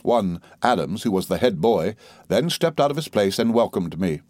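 A man narrating a novel in a measured, steady reading. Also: on the low side, no echo. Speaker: audiobook narrator. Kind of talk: scripted narration.

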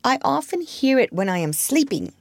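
A woman's voice: high-pitched, big pitch swings, gravelly, no room sound, studio quality, voice pushed up, heavily acted. A woman reading aloud and voicing a solemn, curious little girl. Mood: grave. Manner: grave, slow. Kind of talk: storybook reading.

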